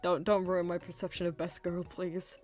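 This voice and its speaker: A woman's voice: on the low side, flat delivery, moderate pace, darkish tone. A young woman streamer playing through a game with giggly, playful, self-mocking commentary, reading the narration aloud. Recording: faint music behind.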